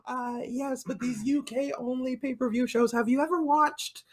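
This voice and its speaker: A man with a notably high voice talks through a wrestling review in casual podcast chat. He is playful and theatrical, hamming up his lines and swearing freely. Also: fairly even intonation, normal speed. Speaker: podcast co-host.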